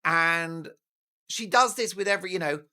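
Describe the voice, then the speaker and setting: A man's voice: high voice, normal speed, sharp tone. A man giving scornful, indignant commentary in a theatrical manner. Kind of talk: opinionated commentary.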